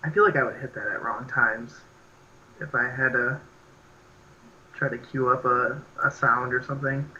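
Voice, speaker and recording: Bright-voiced rambling young man. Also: mid-range voice, fairly even intonation, normal speed, long pauses, lo-fi sound, a little hiss or hum. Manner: rambling, laughing, heavy filler words. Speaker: podcast co-host. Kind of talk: casual chat.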